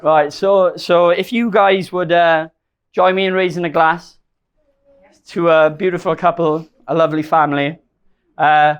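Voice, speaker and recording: A young man with a slightly high voice, giving a best man toast at a wedding reception. He rambles and loops back on himself. He gets emotional and laughs at his own stumbles. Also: level tone, a little slow. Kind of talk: wedding speech.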